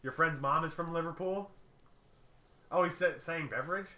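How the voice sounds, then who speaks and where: A man's voice: on the high side, moderate pace, bright, forceful tone, echoey room. A man chatting loosely on a game livestream, rambling with lots of fillers. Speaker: streamer playing a game. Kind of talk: casual game-stream chat.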